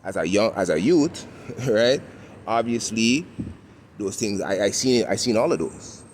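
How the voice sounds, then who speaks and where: Toronto guy with the accent, walking vlog, chill slangy rant, cars going by loud in the back. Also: on the low side, expressive, measured pace. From Toronto, Canada. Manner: laid-back street slang, lots of "you know what I'm saying". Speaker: vlogger. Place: outdoors on a city street. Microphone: handheld camera while walking. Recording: street noise from passing vehicles. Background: traffic and street ambience.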